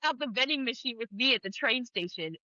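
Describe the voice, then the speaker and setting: A woman in casual chat, chiming in with quick asides and laughing along. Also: a little high, animated, pushed and bright, dry recording, lo-fi sound.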